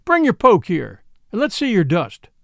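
A man's voice: high-pitched, big pitch swings, moderate pace, dry recording, clean studio sound. A man voicing an angry, domineering miners' judge from the frontier, talking in a folksy, bossy way. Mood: interrogating. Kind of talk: audiobook character voice.

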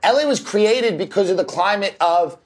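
Male comedian, high voice, emphatic rant, casual. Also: lively intonation, moderate pace. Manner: emphatic, ranting. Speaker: guest comedian. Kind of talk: casual chat.

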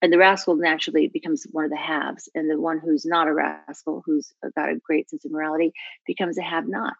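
A middle-aged American woman with a lowish voice chatting about her acting work in an interview. She's animated and laughs easily, often drifting into asides. The sound is close and dry, a little dull. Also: brisk, vocal fry, breathy edge, dry recording. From United States. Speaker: actor guest. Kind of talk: casual interview chat.

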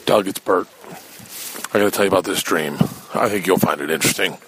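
A man's voice: low-pitched, quick pace, fairly bright tone. A middle-aged man hosting a podcast, telling a rambling, profane comic story in a casual way. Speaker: podcast host. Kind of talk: comedic storytelling.

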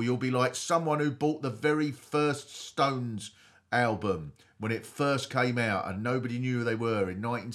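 A middle-aged man hosting a comedy podcast in a theatrical, mock-grand way. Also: mid-range voice. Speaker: podcast host.

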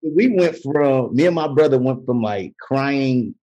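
A man's voice: medium pitch, a little slow, muffled recording. A man, an actor and comedian, telling stories in a casual interview and slipping into voices when he quotes people. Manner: animated, jumps into voices when quoting people, laughs mid-story. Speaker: actor and comedian, podcast guest. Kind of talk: casual storytelling.

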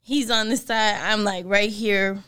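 A woman's voice: medium pitch, fairly even intonation, unhurried, fairly bright tone, clear, resonant tone. A woman in her thirties co-hosting a casual podcast chat, rambling and laughing easily. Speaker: podcast co-host.

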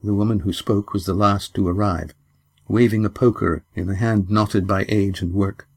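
A man narrating an audiobook in a measured storytelling manner. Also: fairly low pitch, fairly even intonation, creaky. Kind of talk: scripted narration.

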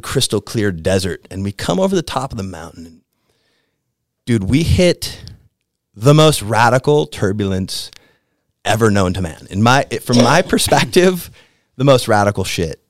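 A man's voice: on the low side, dry recording, studio quality. Slangy laid-back man from the Midwest. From American Midwest. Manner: laid-back, slangy, animated when excited. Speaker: podcast guest. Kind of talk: casual storytelling.

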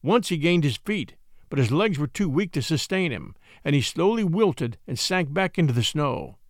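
A man narrating an adventure story aloud in an expressive, dramatic reading. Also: a little high, moderate pace, no room sound, studio quality. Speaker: audiobook narrator.

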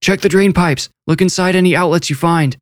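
A man's voice: medium pitch, fairly even intonation, fast talker, no echo, studio quality, pitched above the performer's own voice, close to an everyday voice. A man voicing a frantic father searching for his missing son, shaky and urgent. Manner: shaky, then shouting orders.

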